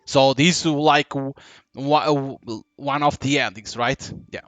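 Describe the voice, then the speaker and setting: A man giving live gameplay commentary, musing aloud and halting with fillers. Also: mid-range voice, fairly even intonation, a bit bright, soft background music. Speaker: gaming commentator.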